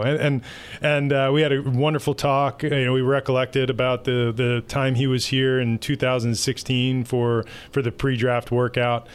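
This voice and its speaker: A man, a baseball team executive, answering interview questions in a relaxed, anecdotal way. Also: medium pitch, normal speed, clean tone.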